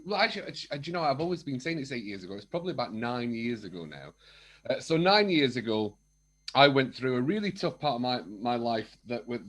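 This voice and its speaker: A man speaking as a podcast guest, telling his story openly and acting out remembered conversations in different voices. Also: mid-range voice. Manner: candid and animated, acts out remembered dialogue. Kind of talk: casual chat.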